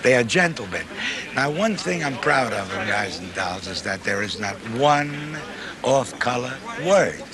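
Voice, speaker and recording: An older male writer with a New York accent, chatting wryly in an interview and pausing often. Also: medium pitch, very animated, crowd noise. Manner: chatty, wry, halting with fillers. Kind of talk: archive interview. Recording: noisy archive recording.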